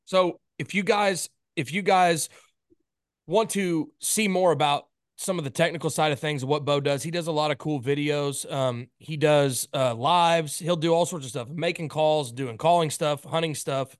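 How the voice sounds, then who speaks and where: A man's voice: a little high, moderate pace, no room sound, clean studio sound. A man hosting a podcast in a casual, easygoing way, chatting with his guest. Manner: easygoing, plugs the guest's socials. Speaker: podcast host.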